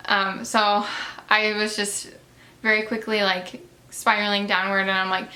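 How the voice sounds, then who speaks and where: Young woman beauty vlogger, bright tone, chatty storytelling with lots of "like" and "um.". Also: medium pitch, a little slow. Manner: chatty, many fillers, animated retellings. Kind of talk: casual storytelling while doing makeup.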